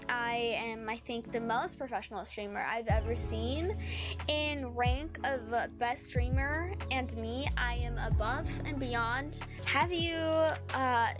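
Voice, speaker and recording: A young woman from California chatting casually on a solo livestream, rambling and deadpan with self-mocking asides. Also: sits high. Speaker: streamer. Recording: music playing behind.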